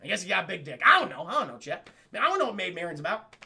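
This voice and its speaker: Young male streamer, high gravelly voice, bright and excitable, profane, chatty recap. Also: rapid-fire. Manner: excitable, profane, keeps addressing chat. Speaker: streamer and film reviewer. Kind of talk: casual live-stream film recap.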